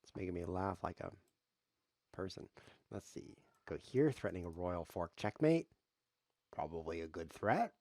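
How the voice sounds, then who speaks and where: A man with a lowish voice commentates his own online chess games, rambling through deadpan jokes and silly asides. His voice sits close and dry on the mic, with no room sound around it. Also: moderate pace, long pauses, no echo. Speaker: chess streamer. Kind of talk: playful live commentary while playing.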